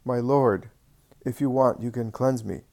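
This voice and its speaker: A man voicing a gravely ill grown male leper who begs desperately for mercy. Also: mid-range voice, measured pace, a little mellow. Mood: imploring. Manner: desperate, imploring cries.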